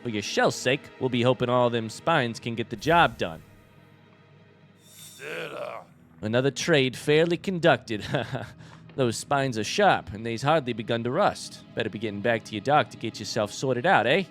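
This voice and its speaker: A man doing gruff bug merchants with a put-on Boston drawl. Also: mid-range voice, animated, moderate pace, a bit bright, faint music behind, close to an everyday voice. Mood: haggling. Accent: put-on Boston and New York. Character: two gruff male bug scrap merchants, haggling.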